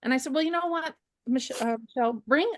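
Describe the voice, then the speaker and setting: Chatty woman with a high voice. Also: fast talker, no room sound, clean studio sound. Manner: animated storyteller, many fillers and restarts. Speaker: guest photographer. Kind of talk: casual interview storytelling.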